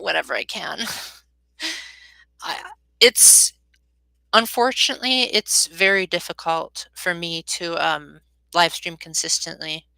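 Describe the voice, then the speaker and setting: A woman's voice: on the low side, vocal fry, bright, forceful tone, clean tone, no echo, low-quality recording. A young woman chatting casually with viewers on a live stream, rambling with many ums and often losing her train of thought.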